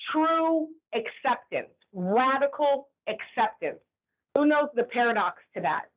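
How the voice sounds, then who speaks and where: Woman teaching a staff training, high voice, lively, keeps asking the room "right?", sounds like a phone recording. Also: phone-quality sound. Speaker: workplace trainer. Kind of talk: classroom training talk.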